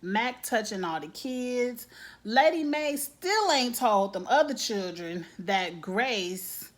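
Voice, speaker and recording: A woman's voice: fairly high pitch, expressive, takes it slowly. A woman giving a casual, blunt TV episode recap, acting out characters' lines with lots of slang. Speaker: TV recap vlogger.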